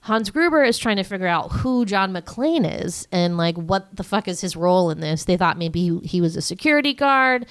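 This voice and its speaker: A woman's voice: mid-range voice, animated, normal speed, few pauses, clear, resonant tone. A woman co-hosting a podcast, recapping a movie in a rambling, joking way with many fillers. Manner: rambling, filler-heavy, jokey asides. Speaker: podcast co-host. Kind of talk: casual movie recap chat.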